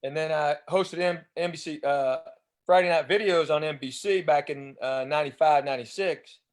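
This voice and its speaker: A man's voice: on the high side, normal speed. A man in his fifties from East Tennessee with a Southern accent, telling chatty anecdotes as a guest comedian and enunciating his drawl. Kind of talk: casual storytelling interview.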